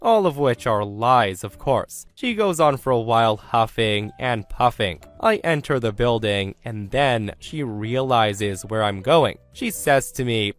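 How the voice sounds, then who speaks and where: A man at a middling pitch narrates a first-person forum story in a steady, even storytelling voice. Soft background music sits faintly under the reading. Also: a little slow, hardly any pauses.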